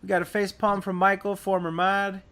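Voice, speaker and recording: A man's voice: high-pitched, flat delivery, moderate pace, a bit bright. A man hosting a podcast, casually reading forum posts aloud in a laid-back, profane way with lots of fillers. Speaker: podcast host.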